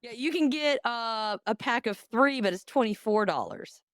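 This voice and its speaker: Lively, animated woman. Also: a little high, normal speed, no echo, clean studio sound. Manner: animated and laughing, swears casually. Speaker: podcast host. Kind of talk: casual chat.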